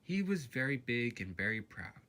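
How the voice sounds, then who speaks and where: A man reading a children's railway story aloud, with expressive storybook narration. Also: medium pitch, moderate pace.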